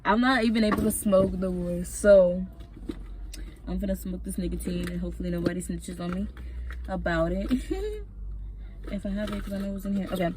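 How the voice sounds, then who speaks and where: A woman's voice: lowish voice, fairly even intonation, fast talker, background noise. A woman telling a personal story in a casual vlog, rambling and swearing freely. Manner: rambling, profane, emotional storytelling. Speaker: vlogger.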